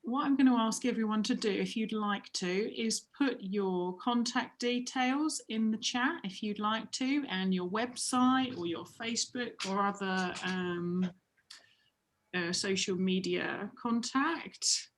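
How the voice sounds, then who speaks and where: A woman's voice: medium pitch, slow. A woman hosting an online meeting. She thanks the speaker and gives friendly, practical instructions. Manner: friendly, practical, announces the next steps. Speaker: meeting host. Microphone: video call.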